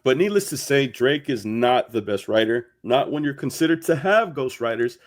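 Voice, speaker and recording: A man delivering a steady, argumentative opinion segment in a commentary video. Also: mid-range voice, normal speed.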